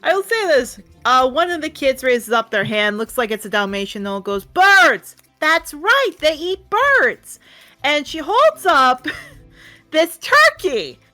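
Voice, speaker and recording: Bright high-voiced woman game master. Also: measured pace. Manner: animated, laughing storyteller. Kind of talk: narrating a tabletop game with character voices. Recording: faint background music.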